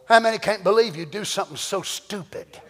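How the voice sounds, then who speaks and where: A man preaching a sermon to a church congregation, animated and firing rhetorical questions. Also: high-pitched, brisk. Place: church sanctuary. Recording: long church-hall reverb.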